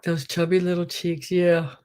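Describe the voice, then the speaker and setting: A woman's voice: on the low side, little pitch movement, measured pace, a little mellow, smooth. A middle-aged woman, chatting casually on a live sale stream, gushing and trailing off with ums.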